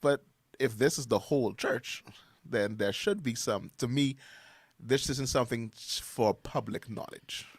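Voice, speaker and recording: A man's voice: medium pitch, unhurried, slightly rough, dry recording. A man co-hosting a morning radio talk show, rambling about church with frequent laughs and restarts. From Bahamas. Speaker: radio co-host. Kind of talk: casual chat about faith. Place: radio studio.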